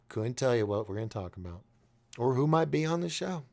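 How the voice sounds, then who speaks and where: A man's voice: medium pitch, expressive, brisk, vocal fry, a little mellow. A man hosting a nightly call-in show, talking in a rambling, jokey, casual monologue and often laughing at himself.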